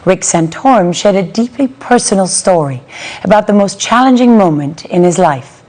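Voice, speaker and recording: A woman hosting a news show, presenting from a script in a smooth delivery. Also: medium pitch, expressive, moderate pace, darkish tone.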